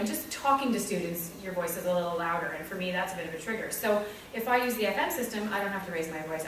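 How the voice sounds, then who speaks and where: A woman's voice: mid-range voice, a bit bright. Woman, teacher, chatty and candid, distant, heavy room echo, faint noise. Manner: chatty, candid, acts out kids and herself. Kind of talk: talk to fellow teachers. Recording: echoey room from far off.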